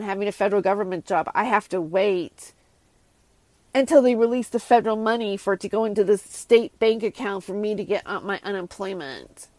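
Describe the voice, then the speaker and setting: A woman's voice: mid-range voice, no room sound. A woman hosting a casual solo rant, exasperated and sarcastic, rambling with many restarts. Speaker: host.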